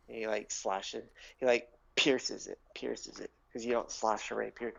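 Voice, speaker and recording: A man's voice: mid-range voice, flat delivery, normal speed, vocal fry, hardly any pauses. A man narrating as game master of a tabletop game, rambling with lots of fillers, on a dull lo-fi recording.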